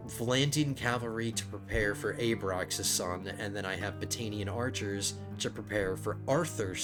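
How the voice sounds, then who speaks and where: Low-voiced man rambling over gameplay. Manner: thinks aloud, rambling with restarts. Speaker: let's play host. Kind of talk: casual gameplay commentary.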